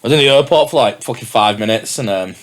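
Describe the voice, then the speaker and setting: A young man who works as a DJ and MC guests on a podcast, chatting in a candid, laid-back way and swearing freely. His voice is mid-range and fast.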